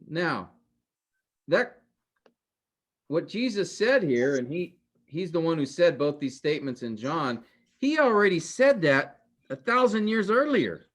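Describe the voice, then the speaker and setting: A man teaching a class in a conversational way, often pausing to quiz his students with questions. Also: on the high side, expressive, a bit bright. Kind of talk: interactive class lecture.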